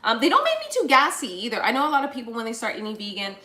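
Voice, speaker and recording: A woman's voice: a little high, wildly swooping pitch, racing, sharp tone, a little hiss or hum. A woman hosting a live cooking show, chatty and playful, talking straight to her viewers while she cooks in a kitchen. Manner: bursts into improvised little songs. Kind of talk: live cooking demonstration, casual.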